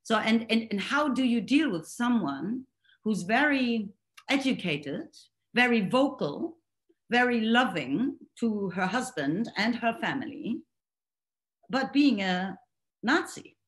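A woman's voice: on the high side, expressive, takes it slowly. Hesitant woman. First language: German. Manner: hesitant, searching for words, many restarts. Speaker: guest reader in a book talk. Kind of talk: online book discussion.

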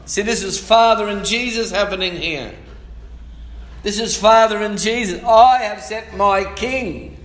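Male pastor, high voice, lively sermon delivery, echoey church hall. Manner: lively preaching, calls for amens, reads scripture aloud.

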